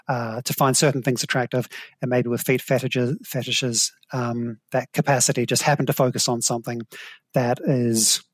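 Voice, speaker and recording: A middle-aged man with a New Zealand accent, a professor calmly explaining evolutionary ideas in an interview, thoughtful and measured. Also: medium pitch, no room sound. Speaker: guest, evolutionary psychology professor.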